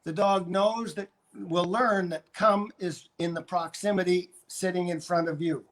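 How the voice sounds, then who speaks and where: A man's voice: high-pitched, steady tone, a little slow, fairly bright tone. An older man from Canada, a dog trainer, coaching viewers on a live stream and going over his points again and again with demonstrations.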